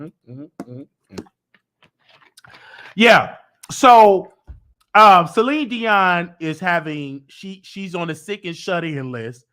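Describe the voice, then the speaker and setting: Guy hosting a chat show, high voice, tells stories all animated, sings bits, does voices. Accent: Southern US. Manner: animated storytelling, breaks into singing, acts out voices. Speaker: host. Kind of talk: casual chat.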